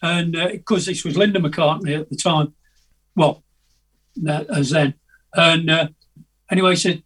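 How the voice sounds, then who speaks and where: An older man spins rambling, chatty anecdotes over a video call. his voice sits a touch high and comes out husky and slightly distant from the mic. he hesitates a lot and laughs along at his own stories. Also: unhurried, long pauses, fairly bright tone. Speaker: guest musician. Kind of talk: casual anecdotal storytelling.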